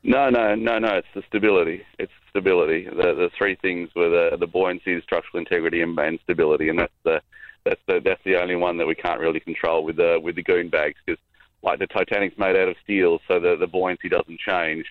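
Man, naval engineer, earnest, halting, very deep, flat, tinny phone line. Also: dry recording.

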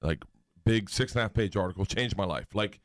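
A man guesting on a talk show, telling animated anecdotes with frequent laughter and acted-out voices. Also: on the low side, fairly quick. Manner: animated, laughs often, acts out voices in stories. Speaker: guest storyteller. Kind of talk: casual chat, anecdote telling.

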